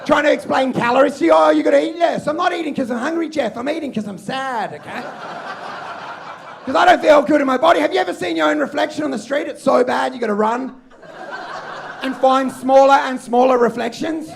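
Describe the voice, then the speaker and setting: An Australian man performing a loud, ranting stand-up set on a comedy club stage, often shouting. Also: very high voice, brisk, creaky, a little hiss or hum.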